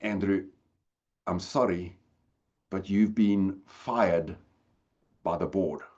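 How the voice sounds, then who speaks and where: A timid, soft-spoken man, quoted by a storyteller speaks low and subdued. The recording sounds slightly dull. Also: slow, husky, full character voice.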